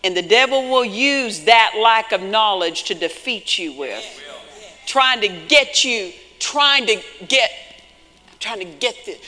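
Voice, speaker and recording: A man preaching a sermon with emphatic delivery, rising to shouts at his peaks and telling stories in quoted voices. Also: sits high, expressive, measured pace. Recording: long hall reverb.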